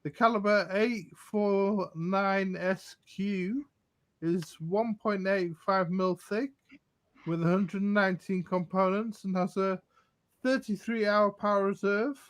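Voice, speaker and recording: High-voiced man reading watch specs. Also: slow. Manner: reads figures in a steady listing way. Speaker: watch show host. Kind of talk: casual live-stream chat, reading specs.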